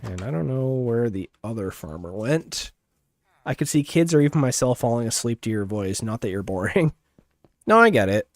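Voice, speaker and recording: A laid-back male streamer chats casually while he plays. His pitch moves around more than he claims it does, and his voice is dry and close to the mic. He chuckles often. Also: big pitch swings, normal speed, no echo. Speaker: gaming streamer. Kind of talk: casual gaming livestream chat.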